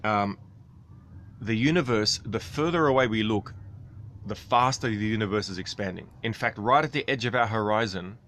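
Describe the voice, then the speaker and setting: A man's voice: on the low side, moderate pace, a bit bright, slight background noise. A man streaming, talking casually about astronomy while reading chat, with a rambling, chatty manner. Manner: rambling, chatty, laughs often.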